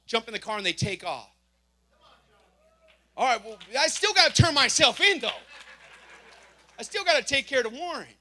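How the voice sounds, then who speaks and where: Animated man telling a testimony story. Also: very high-pitched, brisk, long pauses. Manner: animated storyteller acting out dialogue. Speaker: church member giving testimony. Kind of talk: spoken testimony to a congregation.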